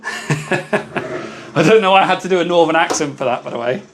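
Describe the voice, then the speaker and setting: Brief: chatty British male streamer, slightly high voice, upbeat and friendly, faint hum behind. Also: normal speed. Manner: chatty, upbeat, thanks viewers by name. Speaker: livestream host. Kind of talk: casual live-stream chat.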